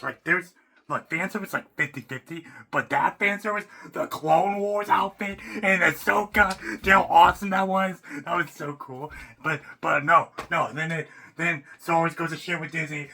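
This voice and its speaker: Bright-voiced man in a rambling rant. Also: fairly high pitch, gravelly, slight background noise. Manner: rambling and excitable, restarts often, swears casually. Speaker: YouTuber. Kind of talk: unscripted fan rant.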